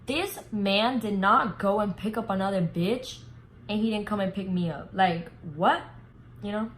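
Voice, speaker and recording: On a low-quality clip with faint hum or hiss, a young female vlogger at medium pitch shares a casual story. Her delivery is lively, heavy on filler words, and full of swearing.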